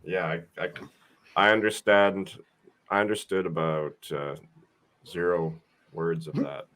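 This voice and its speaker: A man's voice: deep voice, level tone, a little slow, a bit bright. A man co-hosting a comedic talk show, making dry teasing remarks. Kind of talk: casual comedic chat.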